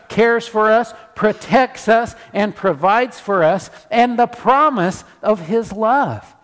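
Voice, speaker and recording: Guy pastor preaching, fired up, repeats his lines a lot, church reverb hangs on the voice. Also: sits high. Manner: animated preaching with repeated declarations. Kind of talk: sermon.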